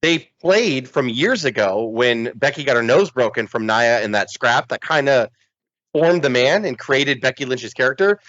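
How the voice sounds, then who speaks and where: A man co-hosting a wrestling podcast in casual chat, animated and swearing, acting out quotes. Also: medium pitch, moderate pace, dry recording, muffled recording. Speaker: podcast co-host.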